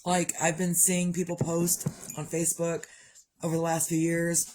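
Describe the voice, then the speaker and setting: A woman's voice: lowish voice, completely flat delivery, moderate pace, a little mellow. A woman talking frankly to camera in a rambling personal monologue, swearing freely and coughing now and then. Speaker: vlogger.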